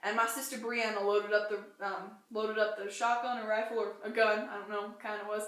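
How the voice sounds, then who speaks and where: A woman's voice: mid-range voice, little pitch movement, brisk, fairly bright tone. A young woman casually recounting a story in a plain, run-on way. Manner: plain, run-on "and then" telling. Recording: echoey room.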